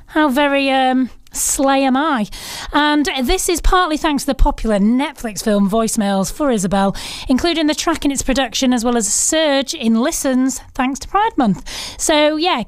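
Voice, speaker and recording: A woman's voice: fairly high pitch, smooth, no room sound. Chatty woman radio presenter. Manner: chatty, cheeky asides and self-deprecating jokes. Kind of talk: casual radio chart rundown. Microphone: studio microphone.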